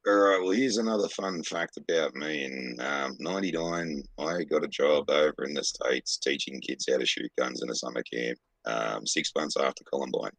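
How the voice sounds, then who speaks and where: A low-voiced Australian man with a husky, slightly rough tone, talking bluntly and swearing freely as he rambles through a story. The sound is dry and close, with no room behind him. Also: moderate pace, few pauses, fairly bright tone, no room sound, low-quality recording. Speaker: podcast co-host. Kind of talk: casual chat.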